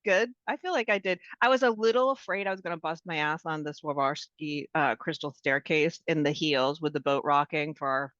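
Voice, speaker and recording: A woman's voice: deep voice, brisk, few pauses, fairly bright tone, dry recording. A middle-aged woman from Maine, co-hosting a travel podcast and chatting animatedly about a cruise. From Maine, USA. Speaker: podcast co-host. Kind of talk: casual travel chat. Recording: dull, dry lo-fi sound.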